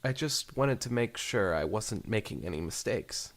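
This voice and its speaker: A man's voice: lowish voice, lively intonation, normal speed. A man voicing an eager, nervous young female pony princess who sounds earnest and a bit flustered.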